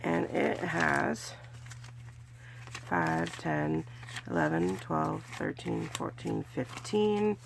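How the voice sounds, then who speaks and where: A woman's voice: deep voice, wildly swooping pitch, drawn-out words, creaky, background noise. A woman from California narrating her budgeting video casually, chatty and counting money aloud with small cheers. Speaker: budgeting vlogger. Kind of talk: casual narration while doing cash challenges.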